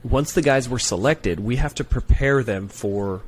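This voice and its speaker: A man, a Marine gunnery sergeant and former recruiter, telling stories on a podcast in a profane, animated way that keeps checking in with "right?". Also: mid-range voice, unhurried, slightly rough. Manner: profane, animated storyteller, peppers talk with "right?". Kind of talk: casual podcast storytelling.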